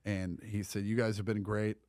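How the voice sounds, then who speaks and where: A man's voice: fairly low pitch, level tone, moderate pace, a little mellow, no echo, clean studio sound. A man who is a comedian, a guest telling wry stories in a laid-back casual chat.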